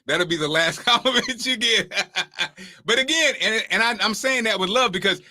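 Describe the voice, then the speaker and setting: A man hosts a casual talk show with a high, bright voice. He tells animated stories and often laughs through his points. The sound is dry and close. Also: normal speed, no echo. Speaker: podcast host. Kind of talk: casual chat.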